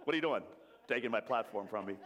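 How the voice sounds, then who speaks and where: Joking preacher in an echoing church hall. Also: male voice, fairly low pitch, expressive, fast, a bit bright. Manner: jokey, leads the crowd in call-and-response. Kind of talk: playful interactive sermon. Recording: long reverb of a large hall.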